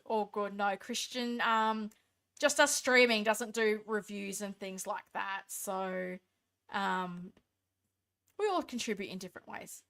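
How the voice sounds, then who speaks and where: Tired, bright-voiced Australian woman streamer. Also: medium pitch. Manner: reads viewer comments aloud and answers them, chatty and thankful. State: tired late at night. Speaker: live stream host. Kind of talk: casual live-stream chat.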